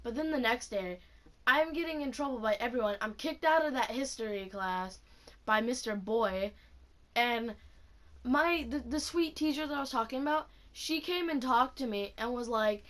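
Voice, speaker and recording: A teenage girl with a slightly high voice rants through a casual story. She sounds indignant and swears freely, and her words tumble out in a loose, chatty run. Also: normal speed. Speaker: vlogger.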